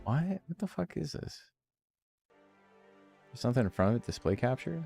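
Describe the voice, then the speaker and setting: A man's voice: medium pitch, big pitch swings, normal speed, vocal fry, warm tone, faint music behind. A man casually commentating a game stream, reading game text aloud with wry, offhand remarks.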